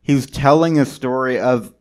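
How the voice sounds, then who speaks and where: A man's voice: mid-range voice, measured pace, darkish tone. A man co-hosting a podcast, laughing often and chiming in with short remarks. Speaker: podcast co-host and comic. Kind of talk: casual chat.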